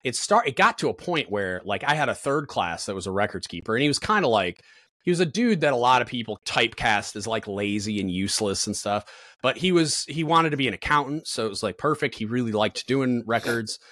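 A man's voice: medium pitch, expressive, fairly quick, a bit bright, dry recording. A man in his thirties, a podcast guest, telling work stories in casual chat with lots of fillers and swearing. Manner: blunt, profane, storytelling with lots of fillers.

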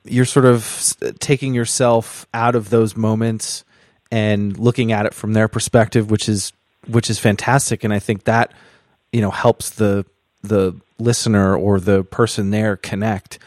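A man's voice: on the low side, level tone, unhurried, a little mellow, no echo, studio quality. A man hosting a podcast, asking rambling questions in casual chat. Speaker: podcast host.

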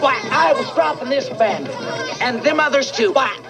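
Very high, raspy scruffy bounty hunter, shouting; old film audio. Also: male voice, moderate pace, music in the background. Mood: accusing. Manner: yelling accusations. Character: shrill gravelly scruffy male bounty hunter. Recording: film soundtrack with loud crowd.

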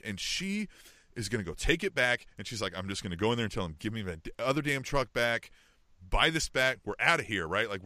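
A man's voice: medium pitch, bright, forceful tone, dry recording. A middle-aged man from the Kansas City area, co-hosting a podcast and telling a long story in casual chat, peppering it with "you know what I mean" and "right?". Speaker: podcast co-host.

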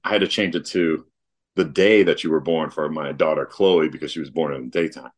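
A man talking casually in an interview, relaxed and rambling, with lots of fillers. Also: extremely low pitch, a little fast. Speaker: guest, artist and father.

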